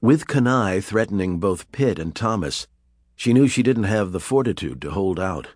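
Low-voiced man narrating an audiobook. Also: expressive, normal speed, a little mellow, husky, no echo, clean studio sound. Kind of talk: scripted narration.

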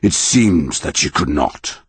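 A man voicing a huge ancient tree monster that speaks calmly and gravely, in a measured, unhurried way. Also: rumbling low, no room sound, exaggerated voice. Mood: solemn. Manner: slow, measured, grave delivery.

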